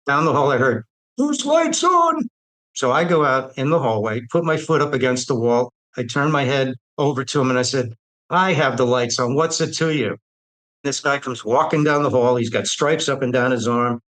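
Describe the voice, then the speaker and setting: A man's voice: medium pitch, fairly quick, fairly bright tone, rough recording. An older man bluntly retelling his own life story, with streetwise, quoted dialogue. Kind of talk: personal storytelling.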